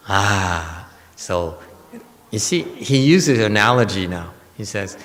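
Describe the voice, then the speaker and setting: A man giving a Dharma lecture in a temple hall, speaking slowly and deliberately. He jokes wryly and teases the room. A long reverb tail hangs on each phrase. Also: lowish voice, animated, a bit bright. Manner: teasing, chuckling, wryly joking with listeners. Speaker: Buddhist teacher.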